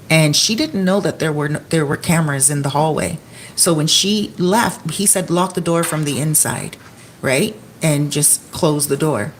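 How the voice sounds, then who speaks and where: A woman's voice: sits low, a little hiss or hum. A woman who rents out apartments, telling a story to her phone camera in a casual vlog at home, often quoting people with "he's like.". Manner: chatty, quotes others with "he's like". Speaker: Airbnb host and vlogger.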